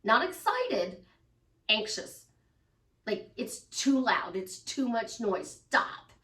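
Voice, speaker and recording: A woman's voice: fairly high pitch, sing-song, takes it slowly, a bit bright. A woman life coach talking casually to her followers, emphatic and repetitive, sometimes acting out the voices in people's heads. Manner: emphatic, repeats phrases, acts out inner voices. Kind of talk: casual monologue to camera. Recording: roomy echo, voice from a distance.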